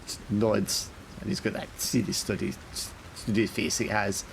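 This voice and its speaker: A man's voice: on the low side, flat delivery, normal speed, vocal fry, slight background noise. A man narrating a tabletop horror game as game master, casual and full of fillers.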